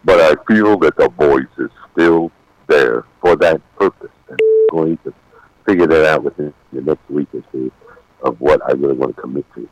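A man in his sixties with a deep golden voice, a guest speaking by phone in a casual radio interview, halting with frequent pauses. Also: no room sound, low-quality recording. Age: 60s.

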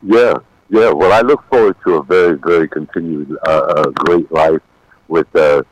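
Very deep-voiced man in his sixties. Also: dry recording, poor audio. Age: 60s. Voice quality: deep golden voice. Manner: halting, with frequent pauses and fillers. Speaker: guest on a radio show. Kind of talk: casual interview over the phone. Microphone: phone.

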